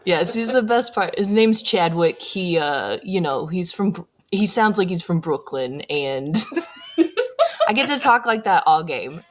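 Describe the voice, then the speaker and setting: A woman's voice: lowish voice, very animated, measured pace, slight background noise. A young woman co-hosting a podcast, talking casually about her game character, chatty, with frequent laughs and fillers. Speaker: podcast co-host. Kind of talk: casual chat.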